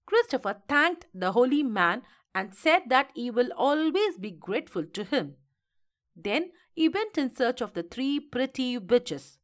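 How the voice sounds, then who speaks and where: Female storybook narrator, unhurried, animated delivery. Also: high voice. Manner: slow, expressive reading. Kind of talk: storybook reading.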